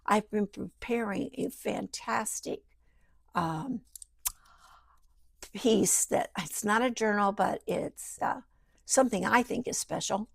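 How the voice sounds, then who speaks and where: This journal maker speaks slowly at a medium pitch, pausing often as her thoughts wander during a casual craft walkthrough at her sewing-machine-side table at home. Her creaky, gravelly voice slips now and then into near-whispered murmurs while she thinks aloud. The audio is close and dry, without echo.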